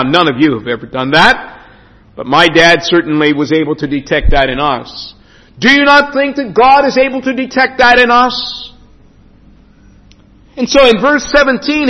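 A man preaching a sermon as pastor in a church, emphatic with dramatic pauses. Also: high voice, pushed and bright. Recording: dull lo-fi sound with long hall reverb.

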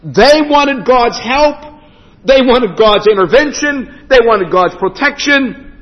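High, lively preacher in echoey hall. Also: male voice. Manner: emphatic preaching with dramatic pauses. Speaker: pastor. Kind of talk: sermon. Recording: dull lo-fi sound with long hall reverb.

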